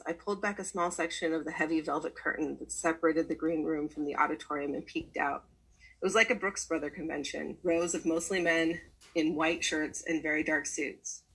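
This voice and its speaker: A woman reading a personal story aloud in a measured way, with a husky voice. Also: lowish voice, sharp tone, rough recording.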